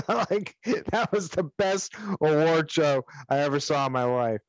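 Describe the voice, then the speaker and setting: A man's voice: on the high side, animated, a little slow, no echo, lo-fi sound. A man co-hosting a podcast, chatting casually, rambling and swearing, with strong opinions. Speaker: podcast co-host.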